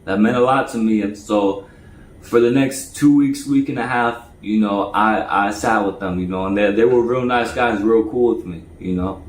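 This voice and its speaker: A man's voice: on the low side, normal speed, echoey room, low-quality recording. A man telling a personal story in a casual way, often stuttering and repeating his words. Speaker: storyteller recounting jail time.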